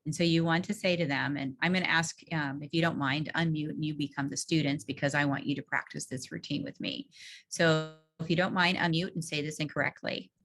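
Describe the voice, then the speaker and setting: A woman speaks in a low register as she leads a virtual training session for teachers. She sets out each step of a reading routine and acts out the prompts she uses with students. Her voice comes through a video call microphone. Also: fairly even intonation, fairly quick, fairly bright tone. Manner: explains step by step, models classroom prompts. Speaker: teacher trainer leading a workshop. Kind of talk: online teacher training presentation.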